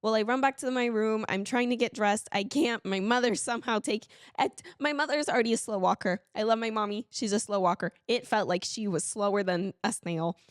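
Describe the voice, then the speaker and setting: A woman's voice: a little high, fairly quick, hardly any pauses, no echo, clean studio sound. A woman co-hosting a podcast, telling a story animatedly and laughing, squealing when she quotes herself. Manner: laughs while telling stories. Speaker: podcast co-host. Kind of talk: casual chat.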